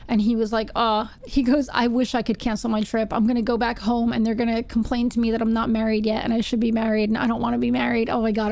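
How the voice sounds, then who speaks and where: A woman streamer telling animated stories while playing a game, acting out quotes and screaming when startled. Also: fairly high pitch. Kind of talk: casual storytelling while gaming.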